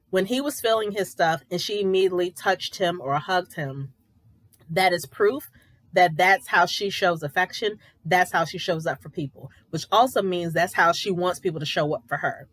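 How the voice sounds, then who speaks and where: A woman's voice: fairly low pitch, a bit bright. Opinionated woman recapping reality TV. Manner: opinionated, conversational, emphatic. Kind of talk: casual commentary.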